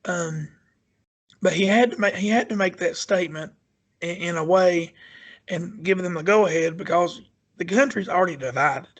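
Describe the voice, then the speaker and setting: A man with a high voice speaks emphatically in casual podcast chat. He repeats his points and pushes them insistently. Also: normal speed, fairly bright tone. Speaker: podcast co-host.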